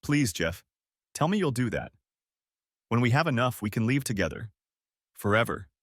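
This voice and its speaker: A man's voice: mid-range voice, sing-song, normal speed, no room sound. A man voicing a cold, scornful wife with a cutting, sarcastic delivery, in a dry close recording. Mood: pleading.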